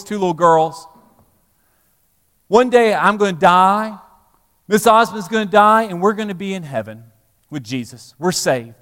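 A middle-aged man preaching a sermon as pastor, animated, rising to loud emphasis then dropping low. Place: church sanctuary. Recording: long hall reverb in church.

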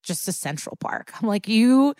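A woman's voice: on the low side, moderate pace, fairly bright tone, dry recording. A woman co-hosting a podcast, casually recapping an episode in a chatty, profane way. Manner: chatty, profane, acts out quotes. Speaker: podcast co-host.

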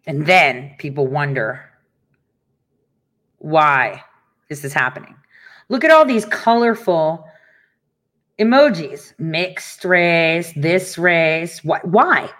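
A woman's voice: deep voice, slow, long pauses, a bit bright. A middle-aged woman hosting her own online show, telling stories in a casual rant, laughing often and swearing freely. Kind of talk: casual ranting monologue.

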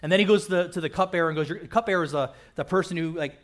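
A man's voice: on the high side, rapid-fire. A man preaching a conversational sermon as pastor, joking and often checking in with the crowd by asking "right?". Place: church auditorium.

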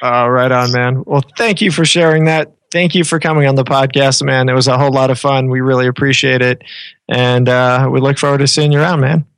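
Gravelly-voiced male podcast host. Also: medium pitch, fairly even intonation, a little fast, fairly bright tone, no room sound. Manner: friendly, easygoing, restarts sentences. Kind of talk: casual podcast chat.

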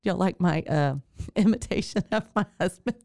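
A woman's voice: on the low side, moderate pace, vocal fry, darkish tone, no room sound, clean studio sound. A woman, hosting a podcast and telling a personal birth story, then giving chatty advice straight to her listeners. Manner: chatty, with fillers and direct address to listeners. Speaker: podcast host and birth worker.

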